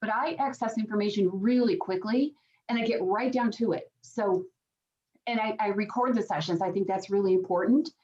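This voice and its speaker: An earnest woman answering interview questions about her work as a psychic medium, restarting her sentences as she explains. Her voice sits at a middle pitch. The recording is muffled and lo-fi. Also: normal speed, darkish tone. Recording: dull lo-fi sound.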